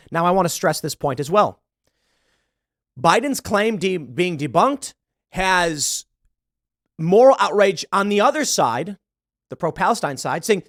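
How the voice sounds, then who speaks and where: Man, political commentary host, blunt and heated, lively swinging pitch, dry close sound. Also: dry recording. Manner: heated, blunt, swearing, frequent restarts. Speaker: show host.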